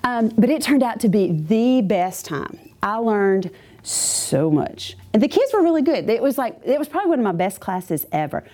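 A woman's voice: a little high, normal speed. A woman giving a chatty personal testimony to a church congregation, with many asides. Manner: chatty, animated storytelling with asides.

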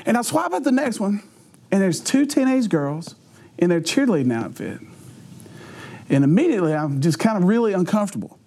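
High, lively-voiced man telling a funny story. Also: brisk, vocal fry. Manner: laughs often mid-sentence, animated, acts out quotes. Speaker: youth pastor. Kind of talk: humorous storytelling talk to teenagers.

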